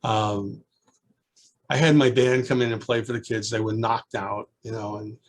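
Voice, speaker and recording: A man in his seventies reminiscing in an oral history interview, a lively storyteller who rambles with restarts and acts out children's voices. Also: on the low side, normal speed. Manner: rambling with frequent restarts and asides. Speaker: alumnus being interviewed.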